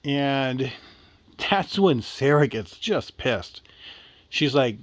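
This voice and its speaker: A man's voice: mid-range voice, animated, very slow, pauses often. A man telling a story aloud in a casual, rambling, slangy way.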